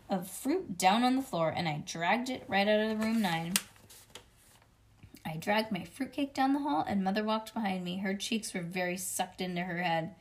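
A woman reading a children's book aloud to a child, expressive and lively. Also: mid-range voice, slight background noise.

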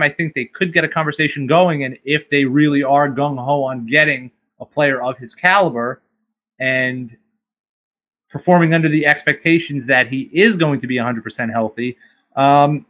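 A man's voice: a little high, a bit bright. A man co-hosting a sports podcast, giving analytical opinions in casual chat with frequent ums. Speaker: podcast co-host.

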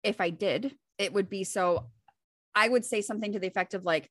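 A woman's voice: medium pitch, fairly quick, fairly bright tone, no echo. Frank, blunt woman, dry close sound. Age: adult with a young child. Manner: frank and profane, mimics herself in quoted asides. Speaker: podcast host and relationship coach. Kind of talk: casual chat.

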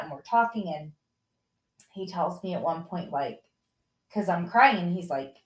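A woman's voice: on the low side, normal speed, a bit bright, reverberant. A woman in her forties, a mother candidly telling a family story in casual chat, full of "like" fillers. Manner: candid, emotional, many "like" fillers.

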